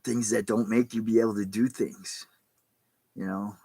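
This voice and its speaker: A man's voice: fairly low pitch, fairly even intonation, moderate pace, gravelly, warm tone, husky, dry recording, poor audio. A man, a pastor, giving a casual, rambling sermon in plain spoken words with some mild cursing. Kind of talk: casual streamed sermon talk.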